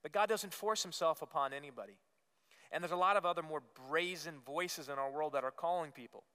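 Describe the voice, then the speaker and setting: A man's voice: a little high, a little fast, sharp tone, smooth. A man preaching a sermon as pastor, earnest and emphatic, repeating phrases and rising on key words. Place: church sanctuary. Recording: long reverb of a church hall.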